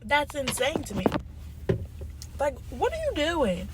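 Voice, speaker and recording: A woman's voice: high-pitched, wildly swooping pitch, slow pace, very noisy. A young woman vlogger ranting casually, swearing and laughing between phrases. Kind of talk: casual rant. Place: parked car.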